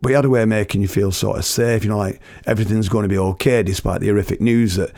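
A man's voice: fairly low pitch, fairly even intonation, quick pace, dark tone, dry recording, clean studio sound. A middle-aged man from Britain telling rambling, chatty anecdotes, laughing at his own stories and using slang. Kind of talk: casual storytelling.

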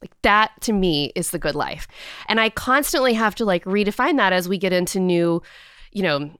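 Woman guest, 30s, animated chatty storyteller; dry, mid-pitched delivery. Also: moderate pace, smooth, dry recording. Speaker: guest, company CEO. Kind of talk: casual storytelling in a podcast interview.

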